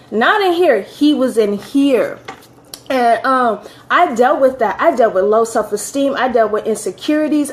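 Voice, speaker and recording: Woman telling her own testimony, earnest, kinda high voice, keeps repeating herself for emphasis, trying not to cry. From California. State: holding back tears. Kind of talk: personal testimony to camera.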